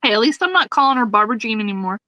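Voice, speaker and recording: Animated, laughing woman recapping a sitcom. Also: on the high side, racing, dry recording, rough recording. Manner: animated, laughs often, acts out lines while retelling scenes. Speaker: podcast co-host. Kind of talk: casual chat recapping a sitcom.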